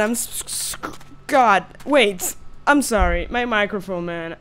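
A woman's voice: mid-range voice, lively intonation, measured pace, fairly bright tone, smooth. A young woman hosting a horror game let's play, screaming and squealing when scared, swearing, laughing nervously and apologizing to viewers. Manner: apologetic, chatty outro to viewers. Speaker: gaming channel host.

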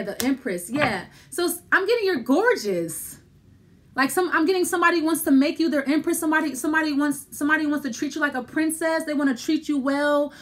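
Woman tarot reader, high voice, casual, rambling and repetitive, talks right to the listener. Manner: rambling, repetitive, thinking aloud while pulling cards; addresses the listener directly and reassuringly. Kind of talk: casual tarot card reading.

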